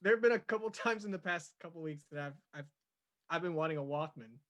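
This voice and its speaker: A man's voice: on the high side, expressive, fast, fairly bright tone. A man co-hosting a live stream, joking in a laid-back way and chuckling as he talks. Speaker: streamer co-host. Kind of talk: casual chat on a live stream.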